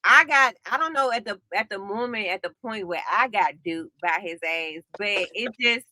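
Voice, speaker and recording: A woman's voice: mid-range voice, moderate pace, sharp tone, no room sound. A woman with a Washington, D.C. accent, co-hosting a casual gossip chat, talking frankly and often restarting her sentences. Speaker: co-host.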